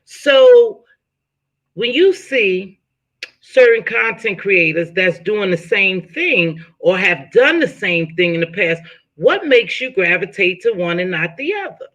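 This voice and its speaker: A woman's voice: medium pitch, big pitch swings, takes it slowly, a bit bright. A woman hosting a casual live-stream chat, asking a guest probing questions in a friendly way. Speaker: host interviewing a chat guest.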